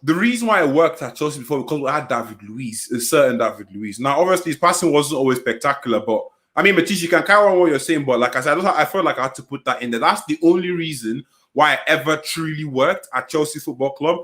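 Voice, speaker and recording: A man joins a casual football chat as a guest. He talks fast in slangy banter, his voice a little high. His tone is bright and sharp. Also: animated. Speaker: podcast guest.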